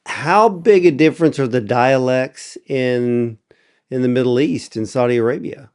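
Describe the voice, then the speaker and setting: A man from the United States hosts an interview at an easy, chatty pace. His voice is smooth and resonant at a middle pitch. He often clears his throat between thoughts. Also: measured pace, a little mellow. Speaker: interview host. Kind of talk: conversational interview.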